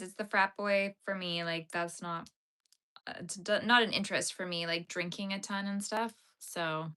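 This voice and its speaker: A woman from Yellowknife in Canada's far north hosts a knitting livestream, her lowish voice carrying a sharp tone. She chats casually, answering viewer comments, laughing easily and using "like" as a frequent filler.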